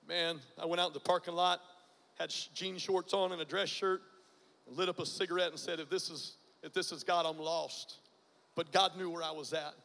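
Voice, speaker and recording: Male preacher, 40s, high bright voice, dramatic testimony delivery, big hall reverb. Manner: dramatic, swings from hushed to loud bursts. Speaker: guest preacher. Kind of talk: testimony sermon.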